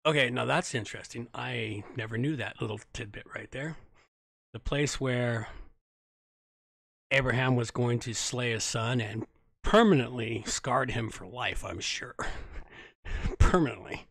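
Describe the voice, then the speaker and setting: Man, bible reading host, casual commentary, wry sarcastic asides, self-correcting, slow, dry close sound. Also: mid-range voice, vocal fry, a bit bright, slightly rough, dry recording. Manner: stumbles and corrects himself while reading.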